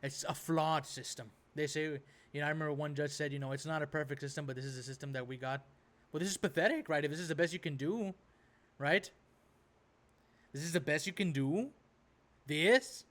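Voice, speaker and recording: Host of a reaction video, a man with a slightly high voice who rambles in a loose rant full of "right?" and "bro". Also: fairly quick, a bit bright. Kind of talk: casual ranting commentary.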